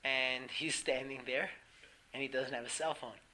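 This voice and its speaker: A man teaching a class through a story, animated, laughing often and filling pauses with "um". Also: mid-range voice, a little hiss or hum, rough recording. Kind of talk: storytelling lesson.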